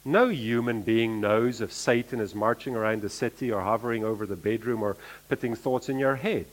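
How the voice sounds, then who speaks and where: A man preaching a sermon, repeating key phrases and swinging between emphatic lines and quiet asides. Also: medium pitch, fairly quick.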